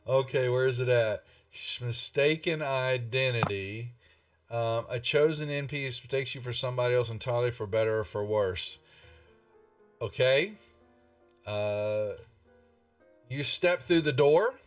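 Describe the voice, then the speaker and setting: Man running a tabletop game, slow, rambling, lots of fillers, far from a dry mic. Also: medium pitch, soft background music. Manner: rambling, many fillers and restarts. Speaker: game master.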